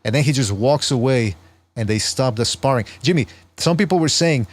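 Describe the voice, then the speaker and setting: A man with a mid-pitched voice hosts a casual podcast. He talks at length with wry, rambling asides, walking through a video clip as he goes. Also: lively intonation, normal speed. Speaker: podcast host.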